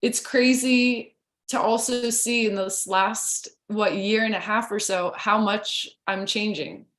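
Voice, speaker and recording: A woman guest on a podcast telling stories excitedly in casual chat, with a lot of "like" in her speech. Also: mid-range voice, slow pace, echoey room. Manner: excited storytelling, heavy use of "like".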